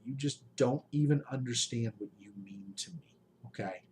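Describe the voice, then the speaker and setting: A man in his late forties speaks to his followers in a heartfelt, pleading voice at an ordinary pitch, often halting on restarts and sighs. A faint hum of noise sits behind the recording. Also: a little mellow. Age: 40s. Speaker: YouTube game master channel host. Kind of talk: emotional personal update to followers.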